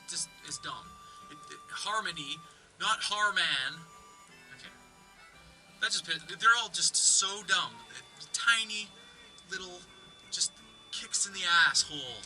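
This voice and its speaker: A man's voice: sits high, animated, unhurried, pauses often, bright, forceful tone, soft background music, poor audio. A man from Canada ranting in an exasperated, sweary, incredulous way on a comedic vlog. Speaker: vlogger.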